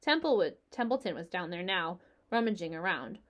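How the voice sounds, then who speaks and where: A woman narrating a children's book aloud in a steady, expressive storytelling manner. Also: lowish voice, moderate pace.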